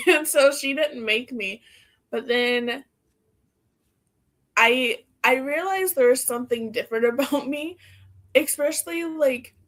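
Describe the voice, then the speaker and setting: A young woman co-hosting a podcast, chatting casually and laughing often between her sentences. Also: a little high. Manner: laughs often while talking, lots of "like". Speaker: podcast co-host. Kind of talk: casual chat.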